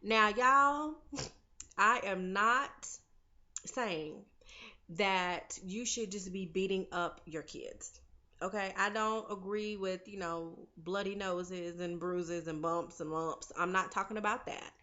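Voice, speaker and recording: A woman's voice: medium pitch, slow, bright, forceful tone, dull audio. A woman casually recapping a TV episode, opinionated and chatty, talking straight to her viewers as "y'all" and "honey". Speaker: TV recap vlogger.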